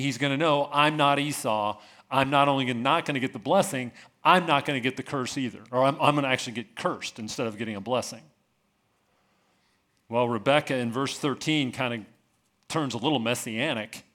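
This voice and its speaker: A man preaching a sermon in a relaxed, conversational tone. His voice sits at an ordinary middle pitch. He explains as he goes and keeps checking in with rhetorical questions. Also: moderate pace. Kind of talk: sermon teaching.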